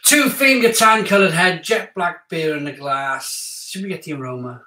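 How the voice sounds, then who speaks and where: Excitable man, chatty beer reviewer. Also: a little high, normal speed, recorded from a distance. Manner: chatty, excitable, talks to viewers. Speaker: beer reviewer hosting a live stream. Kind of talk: casual live-stream chat. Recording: echoey room, off-mic.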